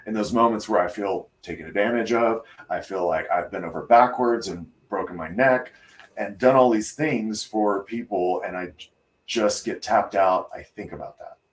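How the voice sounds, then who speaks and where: A hairdresser chats with a colleague on a casual podcast, telling a personal story. He speaks loosely and unhurriedly, pausing and using fillers along the way. His voice is lowish, and the mic sounds distant.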